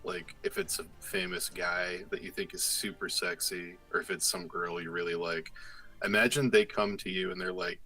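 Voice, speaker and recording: A young man with a low voice and a bright, forceful edge, chatting casually. He rambles through his story and acts out the dialogue in an animated way, with faint music under him. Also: moderate pace, rough recording. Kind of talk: casual chat.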